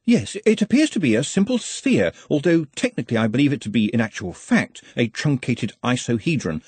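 A man's voice: medium pitch, very animated, brisk, darkish tone, husky, no echo, voice pushed up. A man doing a pedantic, learned young man.

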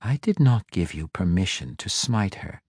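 A man voicing a calm, mocking young girl who holds ancient power, speaking evenly. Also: fairly low pitch, moderate pace, slightly rough, no echo, studio quality, heavily acted. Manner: calm, even, teasing.

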